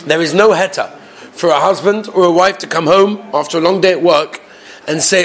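Fast-talking man teaching a class. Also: on the high side. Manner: animated, asks the class questions. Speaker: Torah teacher. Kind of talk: classroom Torah lesson.

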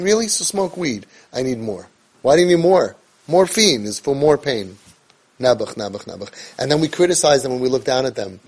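Husky impassioned man speaking to parents. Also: fairly high pitch. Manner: emotional, uses Yiddish and Hebrew words. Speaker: parenting coach.

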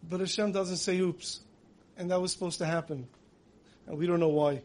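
A man with a high voice preaches in a vivid storytelling way. He recounts dramatic events with feeling and slips into the voices he quotes. His delivery swings from loud emphasis to hushed moments. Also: steady tone, a little fast.

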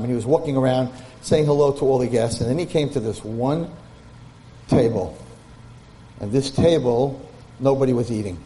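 A man's voice: medium pitch, mellow. A man giving a Torah class, telling a story and translating Hebrew text line by line. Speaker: Torah lecturer.

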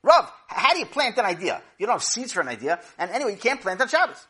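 A man voicing an eager, overly literal, naive man who speaks high, loud and with stammers. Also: big pitch swings, fast talker, slightly rough, full character voice. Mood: excited.

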